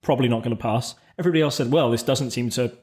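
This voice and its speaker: A man co-hosting a podcast, explaining political events in a measured, conversational way with frequent restarts. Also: mid-range voice, darkish tone. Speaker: podcast co-host. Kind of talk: casual political discussion.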